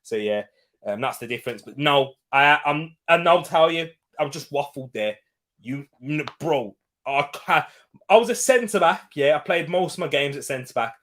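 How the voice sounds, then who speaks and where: A young man hosting a casual live football watch-along, chatting and rambling between quick bursts of excitement over the match. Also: fairly high pitch. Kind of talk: casual live-stream chat and match commentary.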